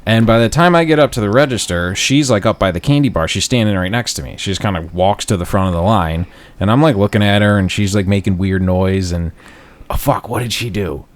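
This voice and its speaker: A man's voice: fairly low pitch, brisk. A man co-hosting a podcast, telling a crude story in casual chat, swearing and laughing often. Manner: profane, laughing, acts out quoted voices loudly. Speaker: podcast co-host. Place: podcast studio.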